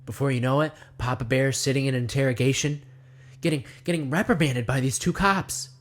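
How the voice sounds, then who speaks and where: With a steady, mid-range voice, this comedy video essayist rambles through a satirical monologue, talking about himself in the third person. He peppers it with rhetorical questions and briefly performs other voices in quick asides.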